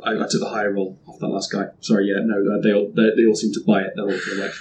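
A man narrating as game master of a tabletop game, rambling with many pauses and fillers. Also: on the low side, level tone, background noise. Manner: rambling, hesitant, laughs often.

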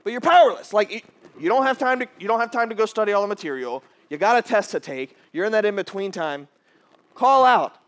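A man in his thirties preaching a casual, animated sermon, jumping to loud high bursts when he acts out quotes. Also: brisk. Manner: casual, repeats words as he restarts. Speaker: pastor.

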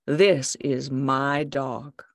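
A woman voicing a gruff, scornful male security guard who speaks in a flat growl during a book reading. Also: extremely low pitch, drawn-out words, dry recording, studio quality, pitched below the performer's own voice, full character voice.

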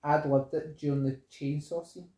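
Scottish guy reading film trivia, mellow voice, kinda echoey room. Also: a little high, fairly even intonation, moderate pace. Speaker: film podcast co-host.

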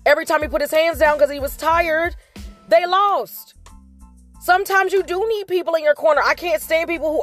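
A woman's voice: extremely high pitch, brisk, a bit bright, soft background music. A woman hosting a motivational vlog, giving an earnest, faith-based pep talk that repeats its points to encourage listeners.

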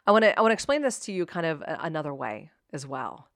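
Female self-help host, lower register, upbeat and direct, dry booth sound. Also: big pitch swings, fast, creaky, dry recording. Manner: upbeat, direct address to listener, rhetorical questions. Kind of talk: motivational self-help talk.

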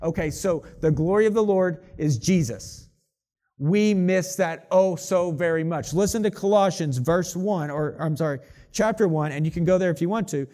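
A man's voice: on the high side, moderate pace, mellow. A man giving a casual, chatty sermon, reading scripture aloud and often correcting himself. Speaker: pastor.

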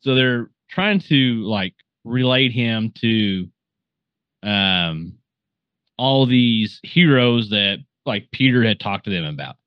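A man's voice: lowish voice, slow, clear, resonant tone, no echo. A man hosting a podcast, casually retelling a movie scene with lots of fillers and restarts. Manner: rambling, filler-heavy storytelling. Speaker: podcast host. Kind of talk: casual movie recap chat. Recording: dull, dry sound.

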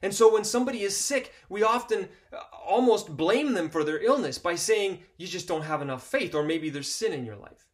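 A man's voice: high voice, lively intonation, normal speed. A man preaching a sermon, reading Bible passages with expression and repeating key phrases earnestly.

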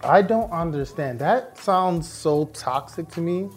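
A woman's voice: lowish voice, animated, unhurried, darkish tone, soft background music. A young woman co-hosting a casual chat, frank, teasing and skeptical. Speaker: podcast co-host.

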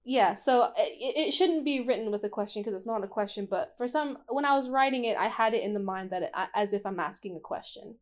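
A woman's voice: fairly high pitch, fairly quick, few pauses. A woman telling a story in casual conversation as a podcast co-host, laughing often and acting out what others said. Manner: animated, laughing often, acting out quoted voices.

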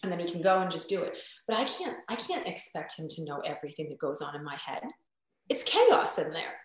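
A woman's voice: sits low, very animated, fairly quick. Blunt chatty woman coach on a podcast, acts out quotes, swears a bit, big echoey room. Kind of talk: casual podcast chat.

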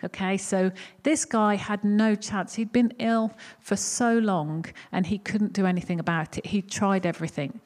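A woman's voice: medium pitch, fairly even intonation, moderate pace, few pauses, darkish tone. Candid woman teaching on healing prayer. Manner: conversational, candid, self-deprecating humor. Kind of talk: teaching talk with personal story.

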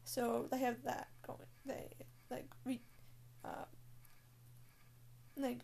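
A woman's voice: on the high side, flat delivery, very slow, gravelly, warm tone. A young woman telling a story in casual chat, blunt and full of swearing and fillers. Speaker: scare actor.

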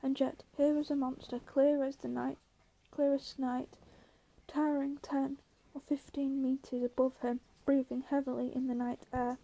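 A woman reading a novel aloud as an audiobook reader, telling the story in a steady, measured way. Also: sits high, dull audio, slight background noise.

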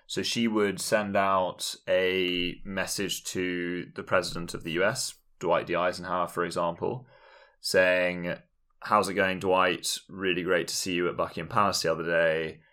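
A man's voice: level tone, a little slow, pushed and bright. An English man co-hosting a podcast in casual chat, dry and ironic. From England. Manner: dry, ironic, mimics others in sudden high voices. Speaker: podcast co-host.

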